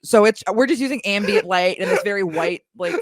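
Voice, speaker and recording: A woman's voice: medium pitch, fairly quick, no echo. Wry woman host in casual chat. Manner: playful, wry storytelling. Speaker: podcast host.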